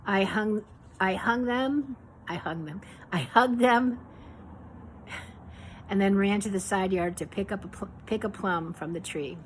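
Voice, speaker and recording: A woman from Pittsburgh reading her memoir aloud in an unhurried, reflective way, now and then correcting herself. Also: medium pitch, a little hiss or hum, rough recording. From Pittsburgh, USA.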